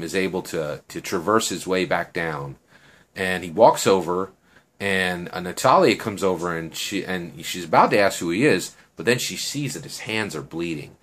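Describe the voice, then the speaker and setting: Chatty storyteller man, lively voice. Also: low-pitched, normal speed. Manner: chatty, full of fillers and "right?". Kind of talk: casual improvised storytelling.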